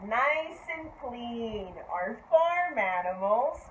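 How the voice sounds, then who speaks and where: A woman teaching toddlers, speaking in a slow, exaggerated, encouraging way and repeating simple words for them to copy. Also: a little high, big pitch swings, roomy sound, dull audio, slight background noise. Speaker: preschool teacher. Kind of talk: children's lesson.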